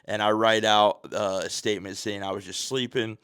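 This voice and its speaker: A man's voice: fairly low pitch, flat delivery, normal speed, fairly bright tone, smooth, dry recording, clean studio sound. A man hosting a podcast, telling a story in a casual, profane, slang-heavy way. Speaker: podcast host.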